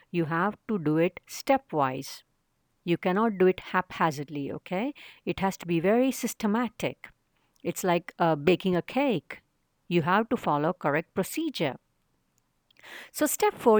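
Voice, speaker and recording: A woman's voice: on the low side, big pitch swings, normal speed, dry recording, clean studio sound. A woman teacher giving a recorded science lesson to children, explaining step by step and asking rhetorical questions.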